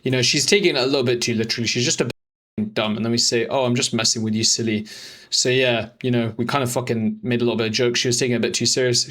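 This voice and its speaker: A young man rattles through chat screenshots at a quick clip, in a middling-pitched voice. He mocks and swears freely as he explains his dating tactics to viewers. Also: a bit bright. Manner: profane, mocking, rapid-fire banter. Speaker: dating coach. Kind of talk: voice-over commentary on chat screenshots.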